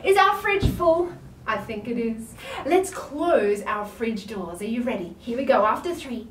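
A high, lively Australian woman guides little children through an online yoga class, her voice leaping about in a playful sing-song and broken up by big gasps of surprise. She talks slowly and carefully, from some distance off in an echoey room, with faint ambience behind her. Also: slight background noise. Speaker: kids' yoga teacher.

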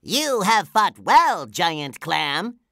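A narrator voicing an excitable, cheerful young sea sponge with eager, squealing shouts. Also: medium pitch, extremely slow, no echo, clean studio sound, pitched above the performer's own voice, full character voice. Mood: excited.

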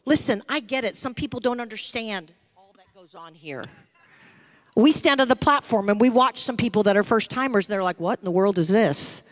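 A woman's voice: on the high side, a little fast. A middle-aged woman pastor preaching a sermon with rising fervor to her church. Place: church sanctuary.

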